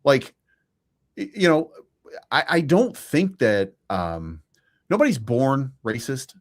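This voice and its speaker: A man's voice: mid-range voice, sing-song, slow pace. A man co-hosting a live stream, giving his opinions in a casual political debate, with frequent restarts. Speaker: stream co-host.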